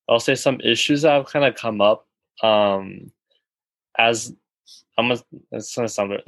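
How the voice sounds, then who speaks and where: A man in a group talk who thanks the teacher and then asks a question. He speaks in a halting, self-conscious way and restarts often. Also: mid-range voice, no echo, low-quality recording. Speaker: participant asking a question.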